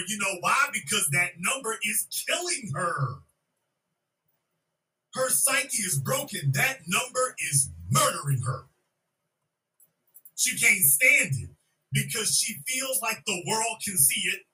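A man's voice: high voice, very animated, slow, bright, forceful tone, distant mic, poor audio. A man hosting a podcast, giving blunt, slangy commentary on clips and repeating his points. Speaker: podcast host.

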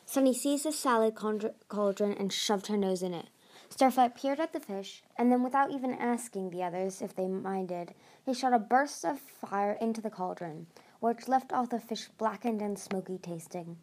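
A woman hosting a podcast and reading a novel chapter aloud at a steady pace, with occasional restarts. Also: medium pitch, moderate pace. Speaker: podcast host reading a book. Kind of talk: storybook read-aloud.

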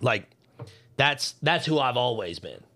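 A man's voice: medium pitch, expressive, measured pace, bright, forceful tone. A man co-hosting a casual podcast, telling a story in a heated, profane rant while worked up and hot under the collar. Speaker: podcast co-host.

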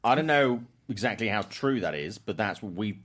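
A man's voice: on the low side, lively intonation, normal speed, fairly bright tone. A man hosting a casual podcast chat, reading out viewer comments and rambling with self-corrections and jokes.

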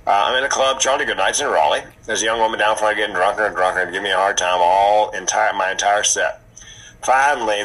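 Male comic guest, husky and bright, animated storyteller. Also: low voice, rough recording. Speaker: podcast guest, comedian. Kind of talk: casual storytelling.

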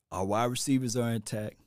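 Here a middle-aged man hosts casual sports talk, offering strong opinions in an animated, wandering way, circling back to the same points and adding sermon-like asides. His pitch sits in the middle range. It's a dry, studio-quality recording.

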